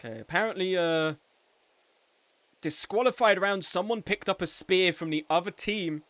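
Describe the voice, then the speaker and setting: Young guy commentating a live game match, kinda high voice, joking around. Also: expressive, moderate pace, fairly bright tone, no room sound. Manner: chatty and joking, with frequent laughs. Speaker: game tournament commentator and streamer.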